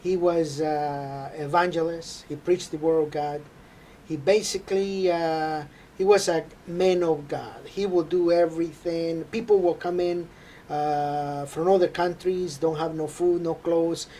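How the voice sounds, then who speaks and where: A man telling an earnest, halting faith testimony. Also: fairly high pitch, fairly even intonation, mellow, a little hiss or hum. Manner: halting, earnest storytelling with frequent hesitations. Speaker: interview guest.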